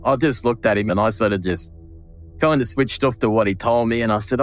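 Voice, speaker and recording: An Australian butcher recounting a late coworker in an emotional interview, with halting restarts and acted-out dialogue. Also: male voice, on the low side, soft background music. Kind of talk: interview recollection.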